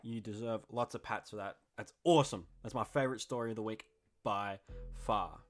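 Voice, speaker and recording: A young man hosting a podcast, chatting casually in an excitable, slangy and jokey way. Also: fairly low pitch, normal speed. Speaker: podcast host.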